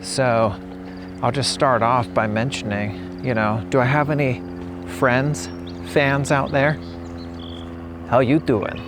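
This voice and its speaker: A man teaching English outdoors while on a walk, speaking in an unhurried way and repeating example phrases to show how they sound. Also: mid-range voice, fairly even intonation, background noise. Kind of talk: casual spoken lesson.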